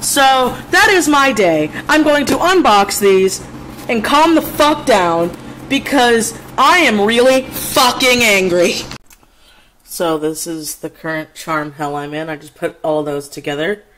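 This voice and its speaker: A woman's voice: mid-range voice, expressive, measured pace, fairly bright tone, slight background noise, low-quality recording. A woman artist vlogging casually, swearing a lot as she vents, then chatting while she shows her prints. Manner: profane, ranting, then chatty showing prints. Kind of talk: casual vlog.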